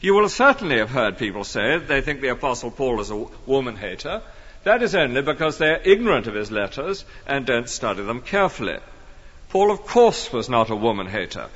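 A man's voice: medium pitch, big pitch swings, fairly quick, fairly bright tone, breathy edge, long reverb tail, highs cut off. A man preaching an expository sermon in an earnest, emphatic way. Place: church.

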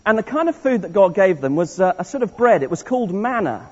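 A man's voice: high voice, big pitch swings, quick pace, darkish tone. A man leading an interactive all-age church service, playful and encouraging as he walks the congregation through a story. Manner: playful, encouraging, restarts often. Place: large church hall. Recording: dull echoey church recording from afar.

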